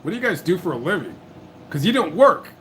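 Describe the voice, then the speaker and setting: A man's voice: high-pitched, big pitch swings, quick pace, fairly bright tone, a little hiss or hum. A man hosting a casual livestream, blunt and joking, stammering as he asks questions. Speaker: livestream host.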